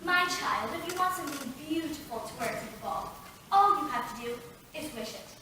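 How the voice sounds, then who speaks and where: A sassy, chatty fairy godmother, played by a woman in a live youth theatre show, high-voiced and playfully theatrical. She is heard from far back in a very echoey theatre, with steady audience and room noise behind her. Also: fairly quick. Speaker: stage actor. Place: theatre stage. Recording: echoey stage taped from afar.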